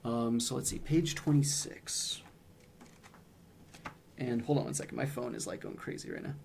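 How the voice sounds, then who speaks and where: A young man with a gravelly, mellow voice chats casually about game humor on a stream. He is hesitant and full of ums, often restarting his sentences. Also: mid-range voice, very animated, normal speed, slight background noise.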